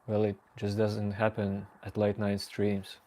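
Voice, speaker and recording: A man's voice: on the low side, monotone, a little slow, dark tone. A man hosting a late-night livestream, casually teasing and joking with his chat viewers. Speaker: livestream host.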